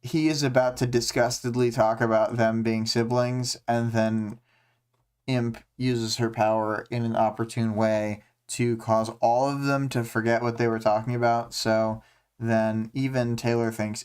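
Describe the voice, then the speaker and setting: A man's voice: medium pitch, little pitch movement, a little slow, darkish tone, clear, resonant tone. A man hosting a casual livestream discussion, recapping a story with many ums and uhs and putting on voices for quoted lines. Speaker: podcast host.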